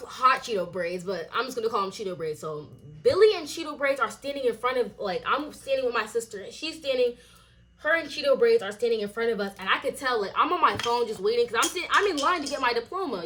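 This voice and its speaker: Young woman, storytime vlogger, casual swearing rant, slightly high voice, lively delivery. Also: slight background noise. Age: young adult. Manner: animated, swearing, acts out quoted lines in a higher voice.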